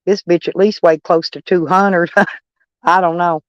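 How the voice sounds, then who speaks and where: A woman's voice: lowish voice, fairly even intonation, measured pace, no room sound, lo-fi sound. A woman chatting with viewers on a livestream, blunt and swearing freely, calling people honey. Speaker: livestream host. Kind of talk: casual livestream chat with viewers.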